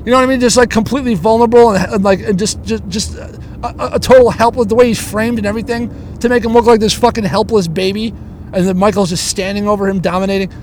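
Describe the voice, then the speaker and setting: A man's voice: high-pitched, steady tone, fast talker, darkish tone. A man ranting and telling a long story in a parked-in-traffic car, swearing constantly and restarting his sentences as he talks into a handheld recorder. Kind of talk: rambling profane storytelling. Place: inside a car stuck in traffic.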